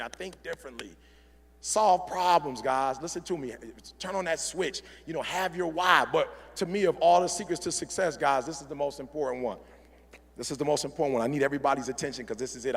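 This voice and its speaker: A middle-aged man giving a motivational convention speech in a preacherly style, building from quiet to shouted fervor. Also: a little high, gravelly. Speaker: motivational speaker. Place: large convention hall. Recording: live hall reverb.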